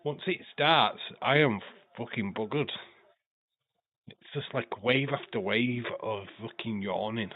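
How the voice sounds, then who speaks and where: Brief: tired, stuffy-nosed male streamer, mid-pitched, casual swearing play-by-play, thin phone-like sound. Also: unhurried. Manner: loose play-by-play with swearing and sudden excited bursts. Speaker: livestream host. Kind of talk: casual wrestling watch-along commentary.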